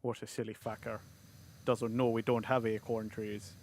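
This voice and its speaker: A man's voice: fairly low pitch, little pitch movement, moderate pace, darkish tone, slight background noise, lightly acted. A man doing a harsh miserly peasant father. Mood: mocking. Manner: blustering and mocking.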